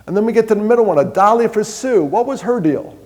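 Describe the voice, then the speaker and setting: A man's voice: high-pitched, fast talker. A man from New York giving a live talk on mental health, telling stories, quizzing the audience and joking about himself. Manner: animated storyteller, quizzes the crowd, jokes about himself. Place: large hall with an audience. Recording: long hall reverb.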